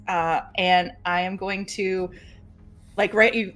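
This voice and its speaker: A woman's voice: on the low side, normal speed, a bit bright, soft background music. A woman playing a tabletop role-playing game, describing her character's actions in a chatty way with many fillers. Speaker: player. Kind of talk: casual tabletop game play.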